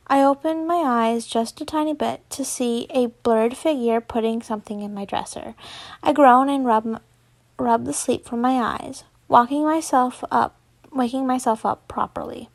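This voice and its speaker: A woman's voice: high voice, moderate pace, creaky. A young woman reading fan fiction aloud, giggly and stumbling, with casual swearing asides.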